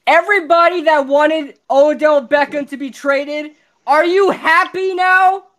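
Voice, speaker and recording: A woman's voice: sits high, steady tone, a little slow, a bit bright. A woman hosting a live sports podcast, ranting in exasperation and repeating herself. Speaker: podcast host.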